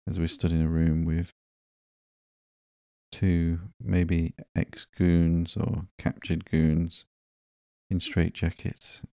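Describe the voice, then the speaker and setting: Brief: male host, slow sleep-story comic reading, very low, flat pitch, dry close mic. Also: no room sound. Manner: soft, monotone narration. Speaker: podcast host.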